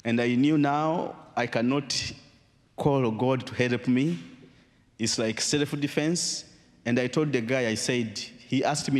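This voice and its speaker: Male guest speaker, storytelling testimony, dramatic pauses, echoing large hall. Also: medium pitch. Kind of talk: personal testimony talk.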